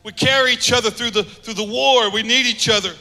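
Bright-voiced man preaching in a reverberant church. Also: extremely high pitch, steady tone, fairly quick. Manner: earnest, repeats phrases for emphasis, drops soft for key lines. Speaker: pastor. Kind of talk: sermon.

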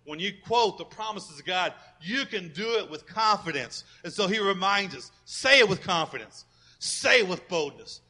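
Fervent high-voiced preaching man. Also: expressive, normal speed. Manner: fervent preaching, rising to loud call-and-response, dropping to soft asides. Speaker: pastor. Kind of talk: sermon.

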